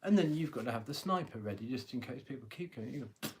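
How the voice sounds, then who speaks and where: Chatty tarot reader, average-pitched man, joking and casual on a phone live stream. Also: animated, fast, slight background noise. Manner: chatty, joking, laughs often, swears.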